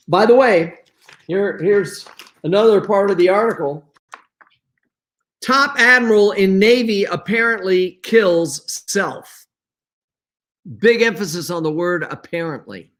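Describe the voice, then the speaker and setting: A man hosting his own video show from home, talking slowly and loosely while he shows papers and photos to the camera, often clearing his throat. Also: on the high side. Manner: slow and rambling, frequent throat clearing and fillers. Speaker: host. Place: at home, items on his wall.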